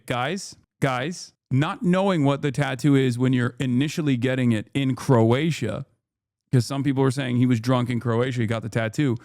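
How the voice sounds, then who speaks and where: A man streaming casual commentary, incredulous and profane, with frequent loud exasperated outbursts. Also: on the high side, no room sound, clean studio sound. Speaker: streamer reacting to news.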